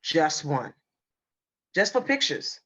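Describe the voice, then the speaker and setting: A woman's voice: deep voice, big pitch swings, takes it slowly, a bit bright, husky. A woman co-hosting a podcast in casual chat, teasing and playful, laughing often while sick. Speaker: podcast co-host. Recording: slightly dull lo-fi sound.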